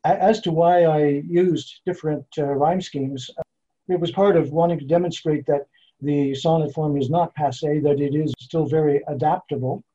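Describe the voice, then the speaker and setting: Male poet, interview guest, husky and slightly high, careful measured delivery. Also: mellow. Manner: measured, explanatory, slows down to spell out meter. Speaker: poet and author being interviewed. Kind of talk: thoughtful interview answers. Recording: dull lo-fi sound.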